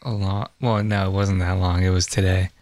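A man's voice: low voice, flat delivery, normal speed, a little mellow, no echo. A young man co-hosting a podcast in casual chat, laughing often. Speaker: podcast co-host.

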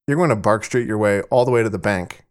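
A young man hosting a scripted comedy podcast, brisk and deadpan. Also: fairly low pitch. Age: young adult. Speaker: podcast host.

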